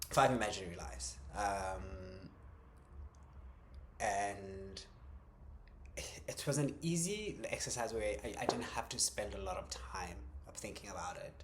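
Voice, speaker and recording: A man talking through a personal creative journal in a reflective vlog, hesitant, with many ums, restarts and soft chuckles. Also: fairly low pitch, a little hiss or hum. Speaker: vlogger.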